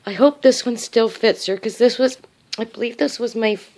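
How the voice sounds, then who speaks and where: A middle-aged woman and grandmother vlogging casually at home, talking to her viewers in an excited, emotional, chatty way. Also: a little high, moderate pace. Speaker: crochet vlogger. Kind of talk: casual vlog chat while packing. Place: at home, indoors.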